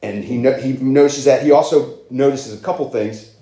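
A man's voice: medium pitch, normal speed, warm tone. Earnest preaching man in an echoey room. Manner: earnest, conversational preaching with emphatic rises. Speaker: pastor. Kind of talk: sermon.

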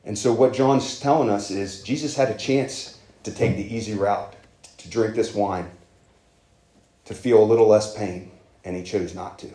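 A man's voice: fairly low pitch, moderate pace, mellow, roomy sound. A man preaching a sermon as pastor, earnest and conversational, with emphatic rises.

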